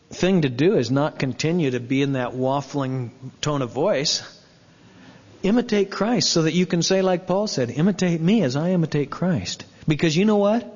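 Male pastor, fairly high voice, emphatic sermon with rhetorical asides, long hall echo on a dull lo-fi recording. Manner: emphatic, rhetorical questions, slows on scripture quotes. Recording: reverberant, dull lo-fi sound.

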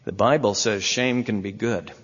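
Earnest male preacher in a reverberant hall. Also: normal speed. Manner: earnest preaching, rising to emphatic peaks then dropping low and soft. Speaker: pastor. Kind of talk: sermon. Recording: muffled long-reverb hall sound.

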